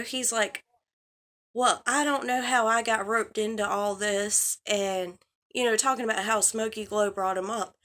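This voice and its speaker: A woman with a slightly high voice delivers a casual vlog commentary. She sounds heated and exasperated, swearing freely and addressing the person she is criticising directly. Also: fairly bright tone. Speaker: drama commentary vlogger.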